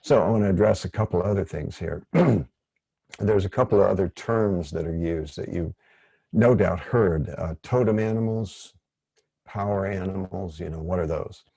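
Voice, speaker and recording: A man leading an online workshop, speaking in a gentle, rambling, digressive way. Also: deep voice, moderate pace, creaky, slightly rough, no echo. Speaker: workshop facilitator.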